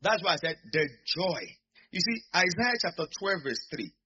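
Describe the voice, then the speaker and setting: A man's voice: high voice, animated, moderate pace, bright, forceful tone, slightly rough. A man preaching a sermon, repeating lines and calling on the congregation to answer back. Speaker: pastor. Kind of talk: sermon with call-and-response. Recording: dull lo-fi recording.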